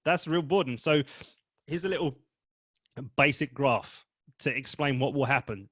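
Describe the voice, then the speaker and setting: A man giving a webinar training talk as a presentation coach, expressive and demonstrating emotions vividly. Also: medium pitch, moderate pace, long pauses, no room sound, clean studio sound.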